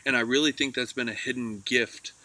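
A man's voice: medium pitch, fairly even intonation, a little fast, sharp tone, dry recording. A man co-hosting a casual travel podcast, speaking in a reflective, earnest and encouraging way. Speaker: podcast co-host.

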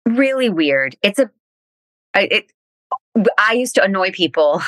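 A woman hosting a podcast in casual chat, with quick, self-mocking asides. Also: mid-range voice, sing-song, a bit bright, no room sound. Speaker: podcast host.

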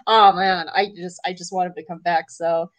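A woman co-hosting a casual fan chat, excitable and gushing, laughing often. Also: on the low side, moderate pace. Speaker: podcast co-host.

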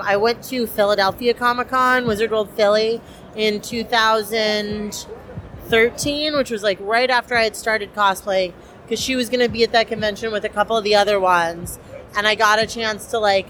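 A woman's voice: on the high side, moderate pace, a bit bright, a little hiss or hum. A young woman cosplayer, chatty and enthusiastic with many fillers, interviewed at a convention. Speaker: cosplayer guest.

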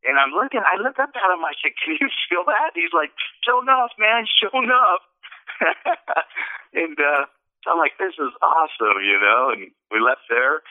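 A man's voice: fairly high pitch, lively intonation, fairly quick. A man calling in to share a personal story in casual, rambling talk, full of fillers and restarts. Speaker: caller sharing a testimony. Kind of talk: casual storytelling on a call-in show. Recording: tinny phone line.

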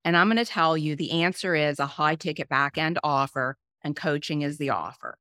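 A woman's voice: sits low, moderate pace, sharp tone, dry recording, clean studio sound. A middle-aged woman hosting a podcast as a business coach, talking in an emphatic, persistent way that repeats phrases for effect. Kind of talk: casual podcast chat.

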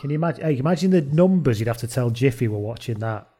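A man co-hosts a casual podcast with a mellow, relaxed voice. He talks in a chatty, loose way, swearing freely and laughing while he reads out listener messages. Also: medium pitch, quick pace. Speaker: podcast co-host.

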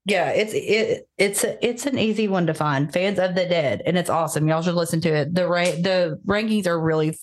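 Chatty, foul-mouthed woman podcast host. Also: on the low side. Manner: chatty, profane, animated, quick to laugh. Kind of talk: casual chat.

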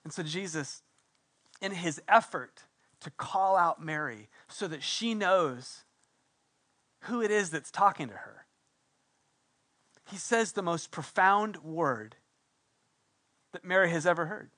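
A middle-aged male pastor preaches a passionate sermon in a high, expressive voice, taking it slowly with long pauses. He swings between loud, emphatic declarations and hushed, intimate passages.

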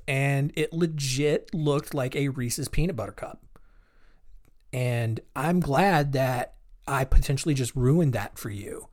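Guy hosting a true crime podcast, chatty and jokey, lots of filler, mid pitch. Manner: chatty, joking, laughs at grim details, many fillers. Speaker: podcast host.

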